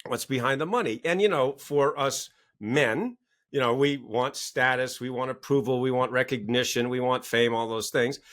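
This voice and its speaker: A middle-aged man, a podcast guest and author, talking in an excitable, storytelling way and acting out scenes with big jumps in his voice. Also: mid-range voice, normal speed. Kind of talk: animated conversational storytelling.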